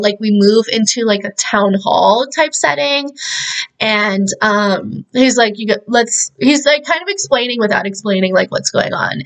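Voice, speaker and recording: A woman's voice: a little high, a bit bright. A woman casually recapping a film as a podcast host, rambling, swearing freely and using "like" constantly. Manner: rambling and profane, heavy use of "like". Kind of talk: casual chat.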